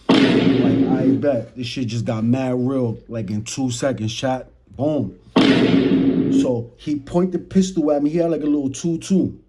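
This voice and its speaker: A man's voice: medium pitch, breathy edge. A young man with a New York accent telling a casual storytime in slang, talking straight to his chat and acting out the moments. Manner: slangy, talks to chat, animated retelling. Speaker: storyteller vlogger. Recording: noisy background.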